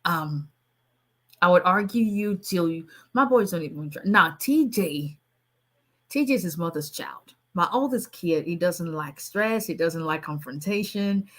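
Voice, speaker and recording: Middle-aged woman lawyer, low voice, fast talk, animated, laughs a lot, casual live stream chat. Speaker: immigration lawyer.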